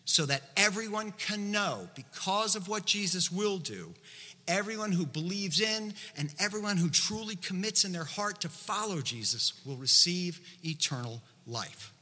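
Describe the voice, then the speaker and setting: A man's voice: sits high, lively intonation, normal speed, sharp tone. A male preacher giving a sermon, conversational and explanatory, full of asides to the congregation, recorded with long hall reverb.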